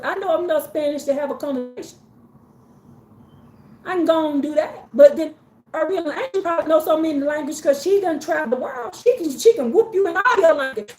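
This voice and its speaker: Woman, high voice, casual faith talk to her group, animated and preachy, lots of slang and repetition. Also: echoey room. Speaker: faith community speaker.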